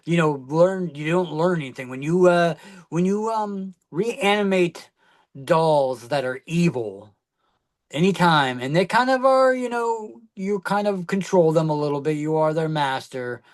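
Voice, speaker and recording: A podcast co-host with a slightly high, expressive voice talks at a measured pace. His casual chat rambles, full of fillers and restarts.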